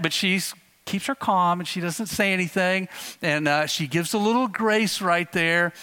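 Bright-voiced rambling pastor, man. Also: high-pitched, a little slow. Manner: relaxed and rambling, with frequent fillers and restarts. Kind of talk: conversational sermon with storytelling.

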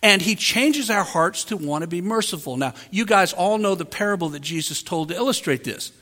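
A man preaching a sermon as pastor, earnest and emphatic with dramatic pauses. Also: sits high, expressive, bright, forceful tone. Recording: reverberant hall.

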